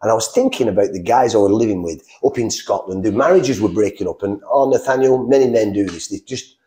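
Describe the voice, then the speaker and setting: A middle-aged man with an animated, conversational way of telling his story, slipping into other people's voices as he recounts dialogue. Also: fairly low pitch. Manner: animated, acts out dialogue with quick voice shifts. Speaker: interview guest sharing a faith testimony.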